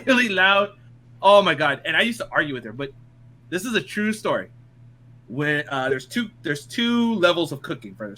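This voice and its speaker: A man's voice: fairly high pitch, bright, forceful tone, slight background noise. A young man casually telling funny stories to friends, laughing often and swearing freely. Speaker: podcast co-host. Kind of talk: casual storytelling among friends.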